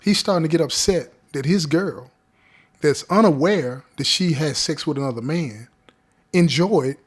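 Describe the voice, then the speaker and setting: A man with a slightly high voice tells a story in a loose, conversational way. He uses street slang and keeps turning to his listeners to check they are following. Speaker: podcast host telling a story. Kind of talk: casual spoken storytelling.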